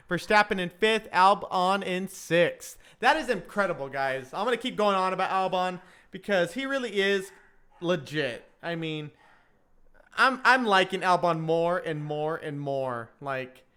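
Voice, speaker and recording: A man's voice: high voice, pushed and bright, clean tone. A man hosting a casual live stream, chatting and joking as he follows a practice session, often laughing at his own slips. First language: English.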